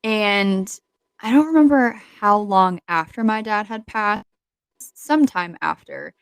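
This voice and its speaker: Poor audio captures a young woman co-hosting a podcast, her medium-pitched voice smooth, animated and slow, with no room sound. She chats casually, rambling and giggling with plenty of fillers.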